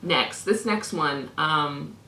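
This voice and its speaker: A woman's voice: sits low, slow, sharp tone, roomy sound, slight background noise. A young woman vlogger reading out messages with sarcastic, mock-indignant commentary.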